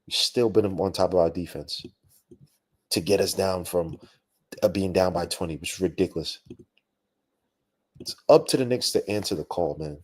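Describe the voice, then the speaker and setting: Husky low-voiced New podcast host. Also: male voice, moderate pace, long pauses. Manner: animated, slangy, ranting talk with frequent asides. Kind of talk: post-game basketball analysis podcast, live stream.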